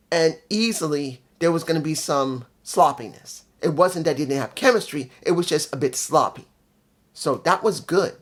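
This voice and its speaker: Blunt, sarcastic man reviewing. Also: on the high side. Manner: emphatic and blunt, repeats points, dry sarcasm. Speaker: show reviewer, channel host. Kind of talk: casual spoken review.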